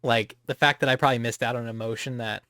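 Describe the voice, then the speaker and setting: A man's voice: quick pace, dry recording, studio quality. A man co-hosting a podcast, chatting casually and animatedly about emotional moments in games. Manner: animated, laughing, jumps up in pitch on exclamations. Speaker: podcast co-host. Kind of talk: casual chat.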